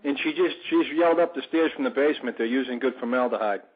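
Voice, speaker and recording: A blunt, wisecracking man who is a regular voice on a talk-radio show. His voice is somewhat husky and comes through a thin, phone-like line with little body. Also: medium pitch, quick pace. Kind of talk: radio banter. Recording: tinny phone-like audio.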